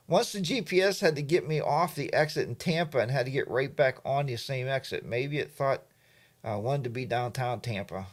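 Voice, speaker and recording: Hosting a livestream, a middle-aged man tells a meandering story and reads comments from the chat, full of fillers and side remarks. His mid-range voice is animated and moves at a moderate pace.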